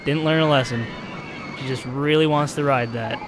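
A man's voice: medium pitch, steady tone, moderate pace, noisy background. A man streaming a park-building game, giving casual play-by-play that swings from chatty narration to exasperated outbursts. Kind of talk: casual gameplay commentary.

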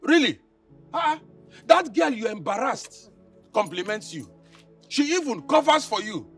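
An actor with a Nigerian accent playing a boastful, philandering husband known as Chief, mocking and blustering. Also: male voice, very high voice, big pitch swings, unhurried, fairly bright tone, full character voice. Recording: distant mic with faint film music.

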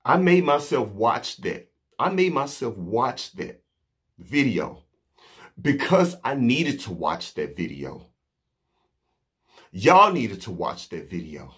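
A man delivering an impassioned, indignant monologue to camera, slow and emphatic with pauses. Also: mid-range voice, sing-song, fairly bright tone, slightly rough. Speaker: vlogger.

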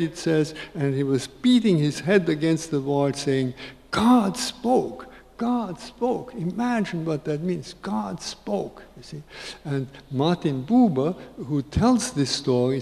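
Gentle elderly man in an echoing hall. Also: fairly high pitch. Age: 80s. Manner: unhurried and searching, repeats key phrases for emphasis. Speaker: spiritual speaker. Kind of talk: reflective spiritual talk to an audience. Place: large conference hall. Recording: long reverb of a big hall.

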